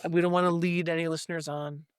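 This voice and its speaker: A man's voice: on the high side, level tone, quick pace, clear, resonant tone, dry recording. Man, podcast host, casual chat, chatty, joking, dry close recording. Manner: chatty, jokes, leads the segments.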